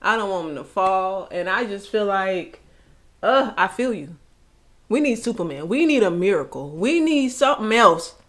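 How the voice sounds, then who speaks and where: A woman's voice: medium pitch, expressive, normal speed. A woman hosting a reaction video, talking emotionally and exclaiming back at the song. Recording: music playing behind.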